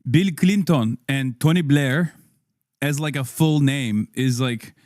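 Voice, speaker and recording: A man's voice: mid-range voice, slow pace, a little mellow, no room sound, studio quality. A man streaming, riffing casually with profanity and frequent laughs as he reacts to a video.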